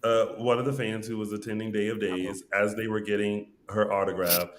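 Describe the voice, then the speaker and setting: A man's voice: lowish voice, a little fast, slight background noise. Man, young adult, podcast co-host, casual chat, chatty storyteller, restarts. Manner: animated storyteller, rambling with restarts.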